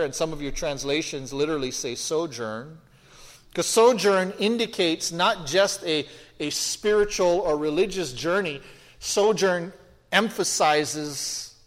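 A man's voice: high-pitched, in a large hall, poor audio. A man teaching through a psalm verse by verse in a conversational, explanatory way, asking questions of his listeners. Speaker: Bible teacher. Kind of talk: expository Bible teaching.

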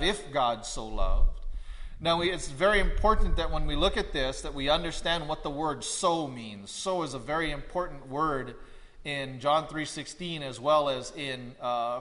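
A man preaching a verse-by-verse sermon, deliberate and repeating key phrases for emphasis. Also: a little high, sharp tone, long reverb tail. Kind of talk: expository sermon.

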